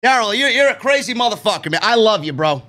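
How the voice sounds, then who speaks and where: A man from New York hosting a live-stream wrestling review, excitable and profane, tacking "man" onto his sentences. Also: high voice, quick pace. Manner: excitable, swears freely, keeps saying "man".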